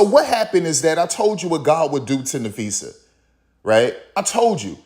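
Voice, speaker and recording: A man's voice: fairly high pitch, big pitch swings, normal speed, a little mellow. A man delivering heated, opinionated sports commentary, repeating himself for emphasis and acting out what others said. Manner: heated, repetitive, emphatic, acts out others in quotes. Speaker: commentary channel host.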